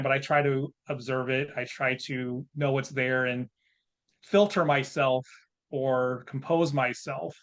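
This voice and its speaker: A man in his fifties speaks as a podcast guest, frank and plain-spoken. His voice sits at an ordinary middle pitch. He tells his story with candid self-reflection. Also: a bit bright.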